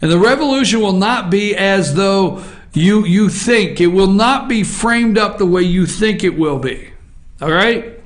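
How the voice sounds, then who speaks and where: In a notably high voice, a male talk show host delivers a fired-up political opinion monologue, pounding his points with emphatic, repeated refrains. He's animated and speaks a little slowly.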